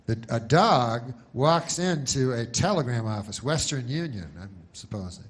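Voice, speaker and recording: A man telling a long stand-up joke in a dry, rambling way, with many stops and restarts. His voice sits in the middle range. A faint hiss of noise runs behind him. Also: medium pitch. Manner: rambling deadpan delivery with long pauses and restarts; mocks a pushy announcer in loud bursts. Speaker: comedian. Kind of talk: stand-up comedy routine.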